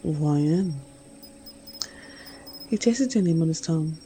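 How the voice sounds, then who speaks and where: In a low, dark, gravelly voice, a woman reads a romance story told in the second person, keeping her delivery hushed, intimate, close, and unhurried. The recording is rough, with slight background noise.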